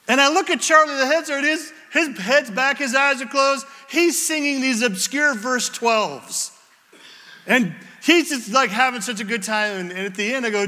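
A man's voice: high voice, animated, moderate pace, bright, forceful tone, in a large hall. A man preaching as a pastor, telling a story with acted-out quotes. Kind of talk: sermon.

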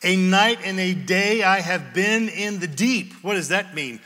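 A man's voice: high voice, a little slow, sharp tone, in a large hall. A man preaching a sermon as pastor, in a conversational way with wry humor.

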